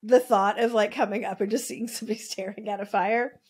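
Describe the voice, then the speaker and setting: A woman's voice: medium pitch, steady tone, fairly quick, a little mellow, husky. A woman host telling a true-crime story in a casual, chatty way, full of "like" and wry asides, now and then swearing. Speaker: podcast host.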